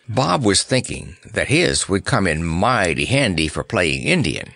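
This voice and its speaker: Slow, expressive male storybook narrator. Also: low-pitched, vocal fry. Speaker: audiobook narrator. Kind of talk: scripted narration.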